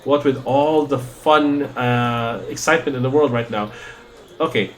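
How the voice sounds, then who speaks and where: A man's voice: mid-range voice, fairly even intonation, a little slow. A man hosting a game playthrough, rambling and joking with his chat. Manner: rambling, joking, chatting with viewers. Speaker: let's play host. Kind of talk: casual gameplay commentary.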